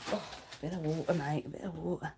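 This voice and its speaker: A woman's voice: sits low, fairly even intonation, fast talker, mellow, slight background noise. A woman with a Lancashire accent, chatting rambly on a livestream and reading viewer comments aloud. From Lancashire, England. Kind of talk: casual livestream chat.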